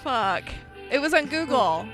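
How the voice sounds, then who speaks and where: Laid-back swearing podcast woman, slow talk. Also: sits high, expressive, over music. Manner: laughs often, swears casually. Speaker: podcast co-host. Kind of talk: casual chat.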